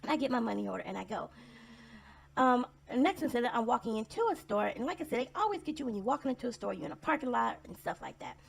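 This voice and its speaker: A woman's voice: fairly high pitch, animated, quick pace, creaky. A woman telling personal stories in a casual vlog monologue, blunt and sarcastic in a conversational way.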